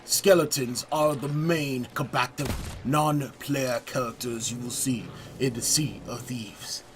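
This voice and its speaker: A man narrating a gameplay video in a playful, mock-grand style, putting on a deliberately bad French accent. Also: medium pitch, noisy background. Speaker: gaming channel host. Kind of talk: let's play voice-over commentary.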